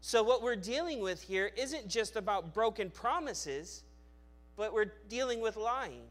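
A male pastor preaching a sermon, swinging between loud emphatic lines and quiet, low asides, with frequent restarts and repeated words. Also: animated, measured pace.

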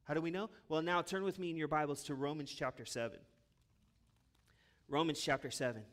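A man with a high-pitched voice preaches a sermon from the pulpit. He rises into loud, urgent bursts, then drops to hushed, low asides as he pleads with his congregation. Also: fairly even intonation, fairly quick. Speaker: pastor.

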